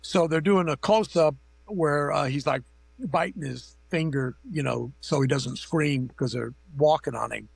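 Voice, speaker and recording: Gravelly middle-aged man telling rambling stories. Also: fairly high pitch, measured pace, dry recording. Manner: rambling, anecdotal, profane, many fillers. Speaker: makeup effects artist guest. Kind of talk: casual interview storytelling. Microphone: remote call.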